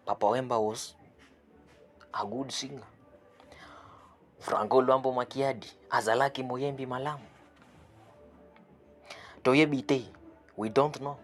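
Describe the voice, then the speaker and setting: A man giving an online language lesson, saying phrases slowly, repeating them and translating each one, with a chuckle now and then. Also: medium pitch. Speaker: language teacher.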